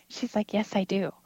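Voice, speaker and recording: A woman's voice: mid-range voice, husky, no echo. A woman in her fifties telling a personal story in a casual interview, acting out quoted dialogue and laughing often. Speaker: guest. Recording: dull lo-fi dry recording.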